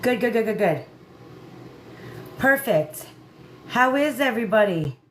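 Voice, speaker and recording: A woman's voice: a little high, animated, unhurried, slight background noise. A woman hosting a casual livestream, chatting emphatically and greeting viewers by name. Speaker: livestream host.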